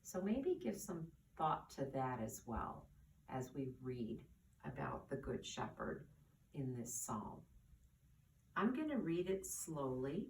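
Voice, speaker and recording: A woman teaching young children at church, speaking gently and asking them questions. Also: a bass voice, slight background noise. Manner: slow, soft and coaxing, asks the children questions. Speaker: children's catechist. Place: church classroom. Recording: roomy, distant camera audio.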